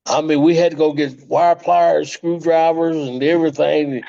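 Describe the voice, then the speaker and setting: Gravelly older man telling stories. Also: on the high side, normal speed. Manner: animated storyteller, frequent laughs and restarts. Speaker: interview guest, retired pro wrestler. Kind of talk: storytelling interview. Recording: slightly muffled lo-fi audio.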